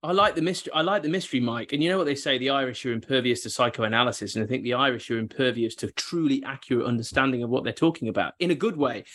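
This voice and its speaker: A man's voice: mid-range voice, rapid-fire, few pauses, fairly bright tone. A man hosting a football podcast, ad-libbing in a playful, mock-grand way. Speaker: podcast host. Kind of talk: casual podcast banter.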